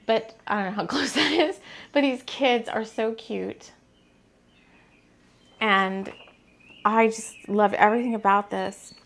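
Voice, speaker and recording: A woman's voice: on the high side, slow, creaky, long pauses, a bit bright. A woman hosting a spiritual podcast, chatting casually to camera in a rambling, giggly, gushing way.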